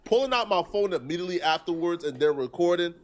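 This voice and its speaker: Streaming live, a man with a high, expressive voice works through a news story. He is earnest and deliberate, arguing it point by point.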